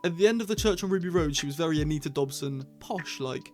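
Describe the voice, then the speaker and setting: A man's voice: a little high, fast, few pauses, a little mellow, soft background music. Chatty rambling male reviewer. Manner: chatty, rambling, frequent self-corrections. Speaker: channel host reviewing episodes. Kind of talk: casual review vlog.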